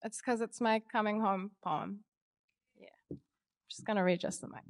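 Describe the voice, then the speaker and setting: A woman with a New Zealand accent performing spoken word poetry at a live event, in a measured, rhythmic delivery. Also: medium pitch, fairly even intonation, no echo, clean studio sound. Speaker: poet.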